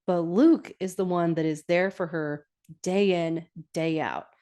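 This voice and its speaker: A woman's voice: lowish voice, steady tone, measured pace, warm tone, clear, resonant tone. A woman hosting a podcast, chatting casually through an episode recap and correcting herself as she goes. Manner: chatty, self-correcting, laughs often. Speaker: podcast host.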